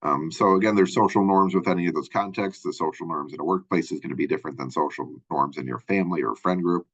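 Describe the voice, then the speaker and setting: Deep husky male college lecturer. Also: quick pace, no echo. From Minnesota. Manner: casual, rambling, many fillers and tag questions. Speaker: college instructor. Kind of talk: recorded lecture. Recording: dull lo-fi close recording.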